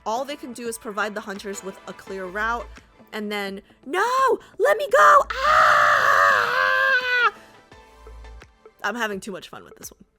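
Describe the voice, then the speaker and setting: A woman's voice: medium pitch, brisk, music in the background. A woman casually reading a game story aloud, breaking off for chatty, joking asides.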